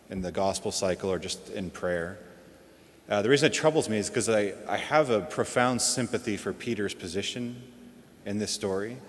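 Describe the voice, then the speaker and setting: Guy preaching a homily, kinda low voice, earnest and thoughtful, big echoey church sound. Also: slight background noise. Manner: earnest, reflective. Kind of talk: gospel reading and homily. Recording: long hall reverb.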